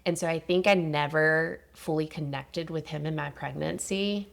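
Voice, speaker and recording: A woman in her thirties tells her own story as a podcast guest. Her voice sits low with a gravelly fry, and she talks candidly and with animation. She laughs easily between sentences. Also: steady tone, normal speed. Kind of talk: personal storytelling in casual chat.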